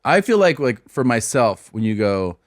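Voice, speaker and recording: A man's voice: medium pitch, very animated, moderate pace, dry recording, studio quality. A man who is a stand-up comedian, hosting a podcast and telling stories in a loose, rambling way with lots of fillers. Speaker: podcast host. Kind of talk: casual chat.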